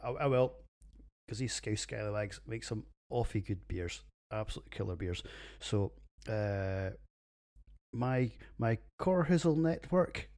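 A man's voice: mid-range voice, darkish tone. A middle-aged Scottish man hosting a podcast, giving blunt, sweary, joking beer reviews in casual chat. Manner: sweary, jokey and blunt, rough pub banter. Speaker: podcast host reviewing beers. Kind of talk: casual solo podcast monologue.

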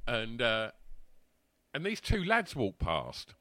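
A man's voice: mid-range voice, slow pace, dry recording. A man telling a rowdy anecdote in casual chat, laughing and acting out the voices. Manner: animated, laughing, acts out voices.

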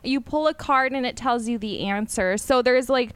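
Woman podcast co-host, high bright pitch, clean dry sound, giggly and profane. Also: moderate pace, clear, resonant tone, no room sound. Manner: giggly, swears casually. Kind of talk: casual chat.

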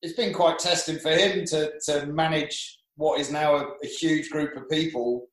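A man's voice: fairly high pitch, steady tone, moderate pace, fairly bright tone, echoey room, rough recording. A man, a professional sailor, telling rambling anecdotes in casual chat, with frequent restarts.

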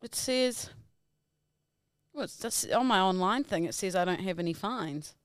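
Lively young woman chatting. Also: mid-range voice, unhurried, no echo, studio quality. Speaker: podcast co-host. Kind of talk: casual chat.

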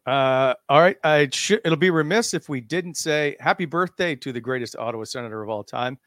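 Man, sports podcast host, brisk, runs through news items, mid pitch, dry sound. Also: fairly bright tone, dry recording. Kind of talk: casual sports chat.

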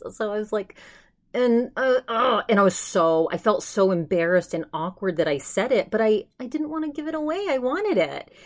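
A young woman hosting a podcast, telling a story in casual chat with animated quoted asides. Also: medium pitch. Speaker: podcast host.

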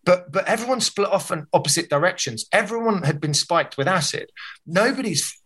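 A man, a comedian telling a long, animated anecdote in casual chat and swearing freely. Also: high-pitched, brisk, slightly rough. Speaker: comedian guest.

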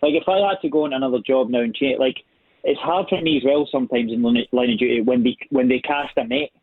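A man's voice: medium pitch, fast talker, dry recording. A man with a thick Scottish accent, chatting as a guest over the phone, talkative and self-deprecating. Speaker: guest actor. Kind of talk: casual chat. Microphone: phone call. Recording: tinny phone line.

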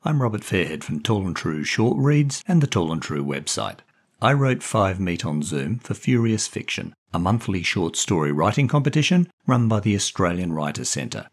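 A man reads his own short story aloud in a storybook style. His voice sits low, and it moves with a lot of rise and fall. The narration sounds expressive and animated. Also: slightly rough. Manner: lively, expressive. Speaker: author and narrator. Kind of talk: storybook reading.

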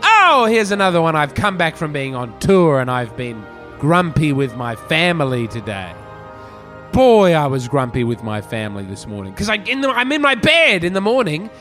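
Animated man, comic rant. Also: normal speed, soft background music. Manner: animated, self-mocking, swings between loud declarations and low mutters. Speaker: podcast host. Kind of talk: rambling comic monologue.

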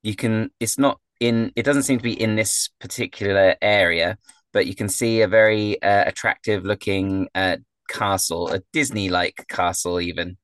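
Low-voiced man running a tabletop game. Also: steady tone, normal speed, fairly bright tone, no echo. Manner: descriptive with frequent fillers. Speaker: game master.

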